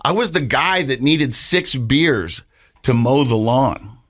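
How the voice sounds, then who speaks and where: A man's voice: mid-range voice, expressive, fairly bright tone, dry recording. Earnest man telling a story, dry sound. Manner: earnest, halting storyteller who repeats words. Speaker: podcast co-host. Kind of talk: personal storytelling on a podcast.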